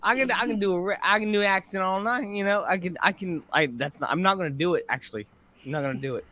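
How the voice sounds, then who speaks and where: Casual male podcast co-host, bright and rambling, loose swearing. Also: high voice, fast talker. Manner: rambling, swearing, laughs often. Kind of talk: casual chat.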